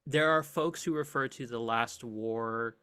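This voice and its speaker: A man's voice: mid-range voice, unhurried, pushed and bright, clean tone. A man narrating a tabletop game as game master, describing scenes casually and vividly with many filler words.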